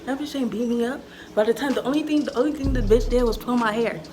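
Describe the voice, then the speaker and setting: Animated young woman telling a story. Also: a little high, fast talker, music in the background. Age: 20s. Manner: animated, profane storytelling with sound effects. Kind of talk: casual storytime.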